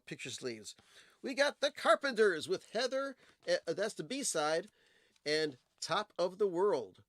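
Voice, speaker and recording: A fairly high-pitched man hosts a livestream of casual music talk, displaying old records and talking at length about singles and their B-sides. He's a rambling storyteller full of fillers and digressions. The recording is dry and of studio quality.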